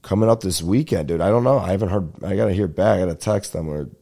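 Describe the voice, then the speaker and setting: A man hosting a podcast, rambling casually and excitedly with lots of swearing, his voice stuffed up and nasal. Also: low-pitched, fast talker. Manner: profane, excitable, breaks into bits of singing. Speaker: podcast host.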